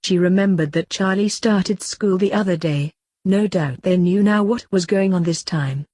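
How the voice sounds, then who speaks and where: A woman reads a fan story aloud in a low, slightly breathy voice. Her delivery stays plain and steady, with the dialogue folded into the same reading tone. The sound is dry and close, with no room around it. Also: normal speed, dry recording. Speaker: fanfiction reader. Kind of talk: scripted narration.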